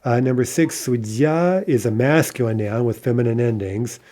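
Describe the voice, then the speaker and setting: A man's voice: medium pitch, a little fast, mellow. A man teaching an online language lesson, going through examples one by one and checking in with the listener. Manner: methodical, checks in with "right?" and "okay".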